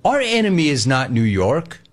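A man hosting a sports talk radio show, animated and playful, taking calls and riffing on them. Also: a little high, normal speed. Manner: animated, playful, mocks callers' voices.

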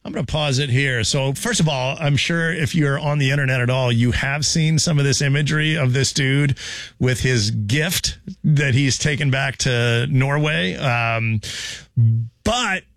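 A man's voice: medium pitch, a little slow, fairly bright tone, no echo. Chatty male radio host, dry studio. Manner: chatty, playful, self-mocking. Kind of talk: casual morning radio chat.

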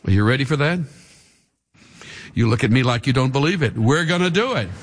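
A man's voice: mid-range voice, expressive, brisk, a little hiss or hum. A male pastor preaching a dramatic sermon, leading the congregation in call and response. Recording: reverberant hall with faint music.

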